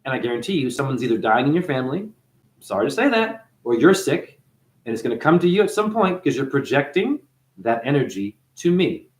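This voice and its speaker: A man hosting a casual livestream monologue to his chat, preachy and animated, swinging between loud outbursts and quiet muttering. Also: mid-range voice, a little fast, reverberant.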